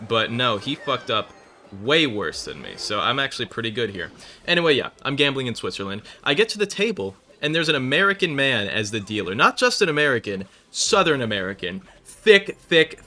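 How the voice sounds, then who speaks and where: A man's voice: medium pitch, bright, forceful tone. A man telling a rambling story while playing a video game, swearing and breaking off to react to the match. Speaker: gaming video creator. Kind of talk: casual storytelling over live gameplay.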